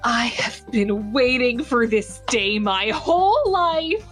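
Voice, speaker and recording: A woman's voice: on the high side, lively intonation, slow pace, a bit bright, soft background music. A woman voicing an enthusiastic, theatrical tailor in a tabletop game. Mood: eager. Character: eager, fussy adult tailor.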